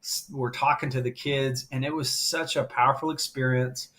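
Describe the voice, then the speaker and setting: A man's voice: medium pitch, fairly even intonation, normal speed, a bit bright. A middle-aged man speaking as a guest on a live stream, telling a heartfelt story and getting emotional as he talks. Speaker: guest, grief coach.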